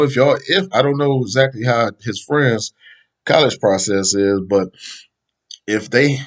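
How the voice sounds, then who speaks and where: A man hosting a podcast, talking in a loose, rambling, slangy way and laughing often. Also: on the high side. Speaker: podcast host. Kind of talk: casual opinion talk.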